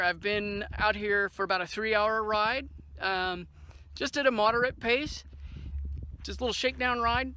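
A man's voice: high-pitched, pushed and bright. A man hosting his own motorcycle channel, talking casually through a how-to with chatty, joking asides. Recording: distant echoey mic, faint noise.

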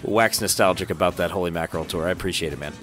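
A man's voice: low-pitched, racing, a bit bright, soft background music. A man hosting a podcast, wrapping up with a playful sign-off. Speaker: podcast host. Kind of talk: podcast outro.

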